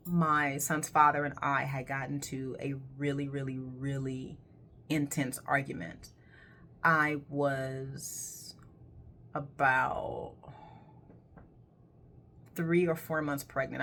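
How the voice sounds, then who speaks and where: A woman's voice: low-pitched, sharp tone, a little hiss or hum. A woman who works as a colon hydrotherapist, telling a personal story in a candid, emphatic way and swearing casually.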